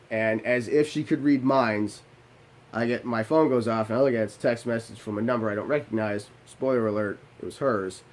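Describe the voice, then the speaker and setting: A man's voice: on the low side, brisk. A young man telling a personal story casually, with blunt swearing and self-mocking asides. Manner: profane, self-deprecating, animated asides.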